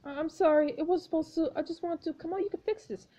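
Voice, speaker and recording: A woman voicing a guilt-ridden young man in a story game, pleading in halting phrases. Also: extremely high pitch, dark tone, voice pushed up.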